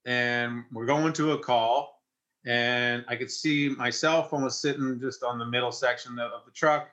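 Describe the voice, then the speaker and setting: A Canadian man in his forties, a firefighter, telling an emotional personal story in an interview in a halting way, with many restarts. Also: medium pitch, steady tone, a bit bright, muffled recording. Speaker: firefighter and investor.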